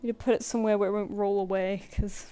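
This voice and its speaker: A woman's voice: medium pitch, flat delivery, fast talker, warm tone, clean tone. A woman artist chatting casually on a live stream, rambling and self-deprecating, and talking to her pet between thoughts.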